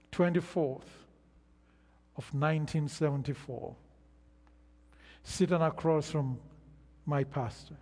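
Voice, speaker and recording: An older man preaching a sermon, slow and emphatic, with long pauses between phrases. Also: fairly high pitch, a little mellow, slightly rough. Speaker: pastor. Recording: long reverb of a large hall.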